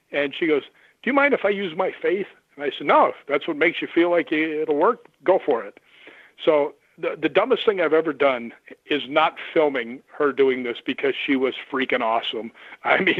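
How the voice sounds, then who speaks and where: A man who investigates the paranormal, telling lively stories and acting out the voices of the people in them. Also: mid-range voice, no room sound. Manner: animated anecdotes, acts out quoted voices. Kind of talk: storytelling on a radio call-in. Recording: tinny phone line.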